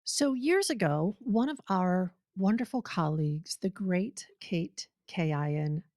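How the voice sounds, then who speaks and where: A woman's voice: lowish voice, lively intonation, takes it slowly, a little mellow, no room sound. Upbeat woman podcast host, dry close sound. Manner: upbeat, playful, laughs easily. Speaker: podcast co-host and creativity coach. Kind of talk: casual chat.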